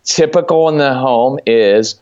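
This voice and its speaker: A man in casual chat giving parenting advice, lively, acting out what he tells his kids. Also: mid-range voice, unhurried, clean tone, highs cut off.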